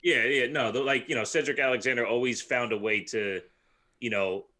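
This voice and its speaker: Bright-voiced man on a chat podcast. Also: medium pitch, fairly even intonation, fairly quick. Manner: thoughtful, hedging. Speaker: podcast co-host. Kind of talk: casual chat.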